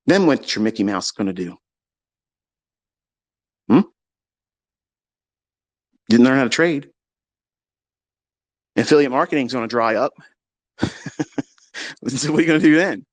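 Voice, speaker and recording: A man hosts a live audio space, delivering a profane, combative, boastful rant. His mid-range voice is expressive and unhurried, with long pauses and no echo, and he swings from muttering to shouting.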